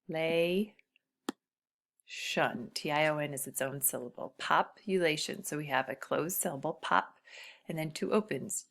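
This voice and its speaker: A woman's voice: deep voice, gravelly. Patient teacher woman sounding out words. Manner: patient, talking to students, sounding out syllables slowly; often drops to a quiet murmur while working the screen. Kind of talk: recorded reading lesson for children.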